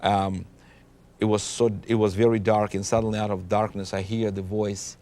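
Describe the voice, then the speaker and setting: Man, low gravelly voice, earnest halting testimony, restarts sentences. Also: level tone, mellow. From Ukraine. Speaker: interviewee giving a testimony. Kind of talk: personal testimony interview.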